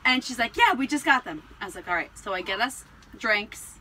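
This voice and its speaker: Lively high-voiced New woman. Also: brisk, a little hiss or hum, low-quality recording. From New Jersey. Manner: animated storyteller, acts out quoted voices, laughs often. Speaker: podcast co-host. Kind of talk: casual chat, storytelling.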